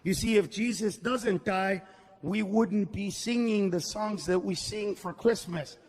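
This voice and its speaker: A stand-up comedian man with a very high voice works a live room, shouting his punchlines and mocking people's voices. Spanish words slip into his English, and a faint hum of ambience sits behind him. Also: a little slow, big-room sound, crowd noise. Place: comedy stage before a live audience.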